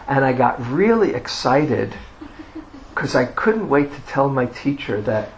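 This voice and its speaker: A man giving a dharma talk as a meditation teacher, telling a personal story in an unhurried way with self-deprecating humor. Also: mid-range voice, sing-song, a little hiss or hum, rough recording.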